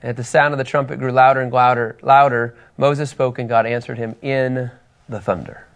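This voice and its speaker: Speaking at normal speed in a mid-range voice, a man gives an animated Bible lesson to a group, reading passages of scripture aloud and asking those listening questions.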